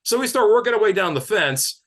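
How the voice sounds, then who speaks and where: A man from Detroit doing a rambling stand-up set, animated and laughing at his own jokes. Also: sits high, fairly quick. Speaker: stand-up comedian.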